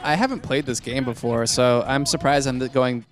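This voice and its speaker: A man's voice: mid-range voice, normal speed, faint music behind. A man chatting and laughing on a podcast while playing a video game. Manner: laughs a lot.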